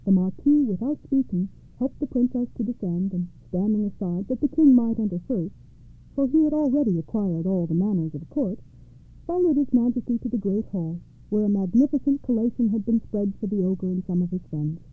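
A woman narrating fairy tales for a radio program in a measured, expressive storytelling manner. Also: medium pitch. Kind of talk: fairy tale read-aloud narration. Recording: tinny phone-like radio sound.

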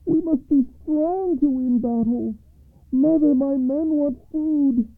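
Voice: sits high, slow, dry recording, pitched above the performer's own voice. A storyteller voicing two grown sons pleading and crying out to their mother, in a tinny phone-like recording.

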